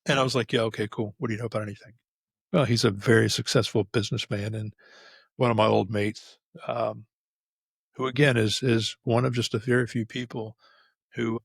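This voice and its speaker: A man's voice: mid-range voice, gravelly, dry recording, studio quality. A middle-aged man hosting an unscripted solo podcast episode, telling stories candidly and rambling with frequent restarts. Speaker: podcast host. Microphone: facing camera, close mic.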